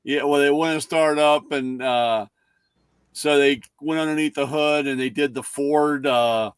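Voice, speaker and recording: A man co-hosting a podcast in a relaxed chat, talking laid back and often giving short agreeing replies. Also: a little high, a little slow, clear, resonant tone, dry recording. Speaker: podcast co-host. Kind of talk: casual chat.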